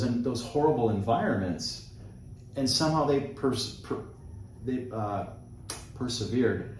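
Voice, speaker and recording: A man's voice: medium pitch, a little mellow, slight background noise. A man hosting an interview, speaking in an earnest, reflective way. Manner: earnest, reflective, many short affirmations. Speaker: host. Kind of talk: conversational interview. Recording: very echoey, distant mic.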